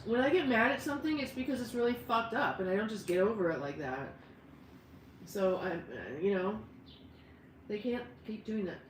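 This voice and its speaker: A woman's voice: medium pitch, lively intonation, normal speed, reverberant, a little hiss or hum, poor audio. A woman hosting a casual live stream, rambling and talking to her dogs and her chat. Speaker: livestream host.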